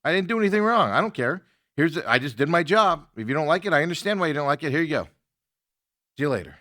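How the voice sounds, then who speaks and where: A man's voice: on the high side, fast, dry recording, studio quality. A man hosting a talk show, telling a story in casual chat and acting out his own side of a phone argument with an indignant edge. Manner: animated, indignant retelling with quoted exchanges.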